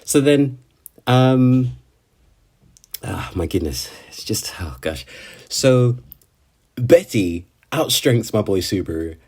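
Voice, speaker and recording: A man's voice: mid-range voice, sing-song, slow, pauses often, darkish tone, husky. Man, casual recap vlogger, rambling delivery, filler-heavy, mid-range voice. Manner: rambling, full of fillers and "right?". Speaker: anime video creator. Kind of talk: casual anime episode recap.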